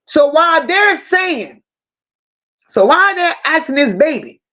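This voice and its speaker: A woman's voice: high voice, sing-song, unhurried, pushed and bright, dull audio. A woman hosting a casual true crime livestream, telling the story bluntly and with strong emotion, swearing freely and talking straight to her viewers. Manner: addresses viewers directly.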